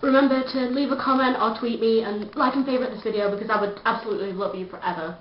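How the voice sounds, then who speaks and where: A woman's voice: on the high side, quick pace, a little hiss or hum. A woman, vlogging a chatty, self-mocking rant to camera. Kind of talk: casual comedic rant to camera. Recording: dull lo-fi echoey room sound.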